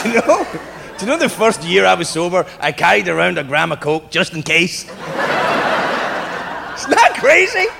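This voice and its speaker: A man's voice: sits high, lively intonation, a little fast, creaky, noisy background. A brash, profane, self-mocking man from Britain doing a stand-up routine on a comedy club stage over a laughing crowd.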